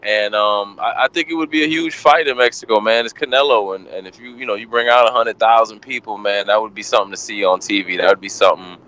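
Male caller with a smooth, resonant voice, relaxed and musing, on a muffled low-fi line. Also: fast, few pauses. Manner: relaxed, thinks out loud. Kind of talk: casual call-in chat.

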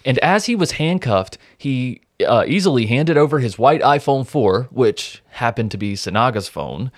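A man with an average-pitched voice tells a true-crime case as podcast host. He is blunt, wry and freely profane. The sound is dry and close. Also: expressive, normal speed, no echo. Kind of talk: casual true-crime narration.

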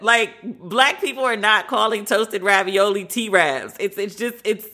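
Woman podcast host, bright tone, casual and candid, opinionated. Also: medium pitch, unhurried, hardly any pauses. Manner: candid, opinionated, conversational with occasional profanity. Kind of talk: casual commentary.

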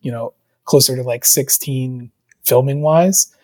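Husky-voiced co-host reading questions. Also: medium pitch, a little slow, darkish tone. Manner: reads questions, hesitant with fillers. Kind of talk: casual chat.

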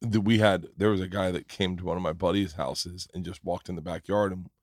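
A man's voice: low voice, fairly even intonation, a little fast, no echo, studio quality. A man hosting a podcast, telling a story in casual chat, often restarting his sentences. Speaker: podcast host.

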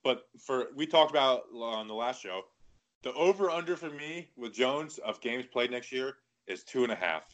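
A man co-hosting a podcast in casual sports chat, animated and talking in quick bursts full of "like". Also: medium pitch. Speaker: podcast co-host.

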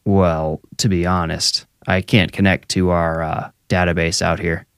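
A man's voice: deep voice, little pitch movement, measured pace, creaky, clear, resonant tone, no echo, studio quality. A man playing a skinny young fake police officer, curt and officious with a menacing edge. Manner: curt, officious, hesitant when pressed.

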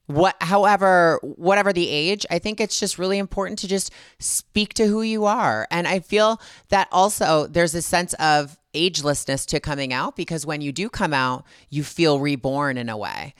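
A woman co-host in casual chat, warm, encouraging and a little sassy. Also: lowish voice, normal speed, few pauses, clear, resonant tone, no room sound, clean studio sound.

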